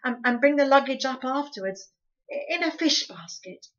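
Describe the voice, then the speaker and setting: A woman's voice: high-pitched, expressive, normal speed, voice pushed up. Woman voicing an eager, stammering boy. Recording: dull lo-fi recording.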